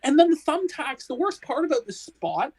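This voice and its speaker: A woman's voice: high voice, very animated, normal speed, a little mellow, rough recording. A woman co-hosting a casual wrestling discussion stream, ranting with heavy swearing and exasperation. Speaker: podcast co-host.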